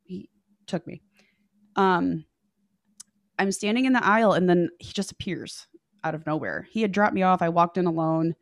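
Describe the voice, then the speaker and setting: A woman's voice: fairly low pitch, moderate pace, long pauses, no echo, clean studio sound. A young woman telling a story on a podcast in a breezy, profane, chatty way.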